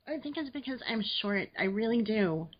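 Woman in her forties, youthful and playful voice, a bit breathy, muffled recording. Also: fairly high pitch, expressive, normal speed. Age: 40s. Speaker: podcast host. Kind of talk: casual chat.

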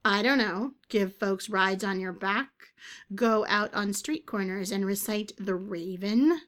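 A woman's voice: mid-range voice, slow pace, a bit bright. A woman voicing a thrifty, exasperated witch who talks dry and patient.

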